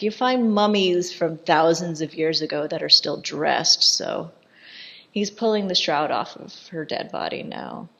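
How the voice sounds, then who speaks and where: A woman giving casual, irreverent commentary over a film, chatty and quick to laugh. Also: lowish voice, highs cut off.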